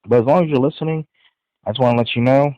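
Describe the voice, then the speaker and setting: A man's voice: mid-range voice, quick pace, no echo. Podcast guy reviewing a movie, lots of "you know" and restarts, thin tinny phone sound. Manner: rambling, many fillers and restarts. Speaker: podcast host.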